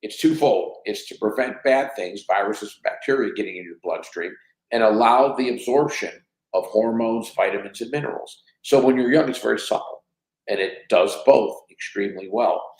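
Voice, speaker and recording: A man's voice: lowish voice, normal speed. A man in his sixties, a company chief executive telling anecdotes as a podcast guest, who acts out the dialogue of his stories. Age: 60s. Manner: animated storyteller who acts out quoted dialogue. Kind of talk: anecdotal storytelling in a podcast interview. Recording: roomy echo.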